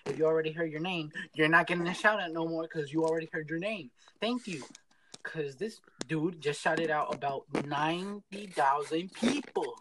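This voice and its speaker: A man's voice: a little high, moderate pace, crowd noise, poor audio. A young man from Pennsylvania co-hosting a casual podcast, teasing and joking. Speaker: podcast co-host. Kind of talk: casual chat.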